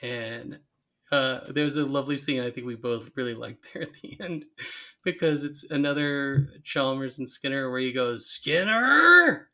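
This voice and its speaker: A man's voice: medium pitch, moderate pace. A man co-hosting a podcast, casually recapping a cartoon episode and acting out quoted lines. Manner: animated retelling with quoted lines. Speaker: podcast co-host.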